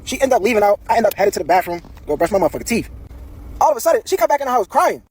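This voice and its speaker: A young man with a husky voice who tells a personal story time in a rapid, animated, slang-heavy way. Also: sits high, a crowd in the background.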